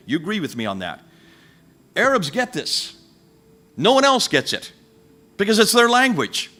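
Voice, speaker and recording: A man's voice: a little high, fairly bright tone. A man giving a live lecture, firing rhetorical questions and turning to address his listeners directly.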